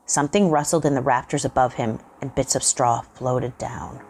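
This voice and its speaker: A woman hosting and reading a horror story aloud in a measured, suspenseful way. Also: very deep voice, fairly even intonation, a little mellow, breathy edge. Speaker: host and reader.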